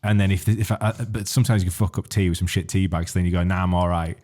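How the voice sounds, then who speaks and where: A man's voice: deep voice, fairly even intonation, fast, warm tone, husky. A man, co-hosting a podcast, rambling through stories and laughing often. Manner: rambling storyteller, laughs often, many restarts. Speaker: podcast co-host. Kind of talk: casual chat.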